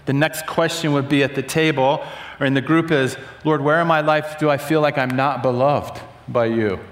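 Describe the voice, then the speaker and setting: A man leading an interactive church teaching session, questioning the audience, repeating their answers and leading prayer. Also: a little high. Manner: conversational, asks the room questions, repeats answers back. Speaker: church workshop leader. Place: large hall with audience and box seats. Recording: echoey hall.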